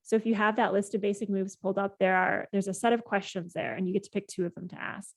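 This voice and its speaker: A woman's voice: medium pitch, fairly even intonation, fast. A woman game master narrating a tabletop game in meandering descriptions full of fillers.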